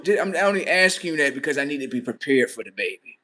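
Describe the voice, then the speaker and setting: A man hosting a livestream, telling a comic story in a profane, animated way and acting out the scenes. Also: on the high side, fast talker. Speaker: livestream host. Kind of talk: comedic storytelling monologue.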